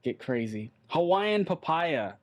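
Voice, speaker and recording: A man's voice: fairly high pitch, big pitch swings, a little slow. A man co-hosting a casual podcast chat, rambling and blunt, swearing offhandedly. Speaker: podcast co-host.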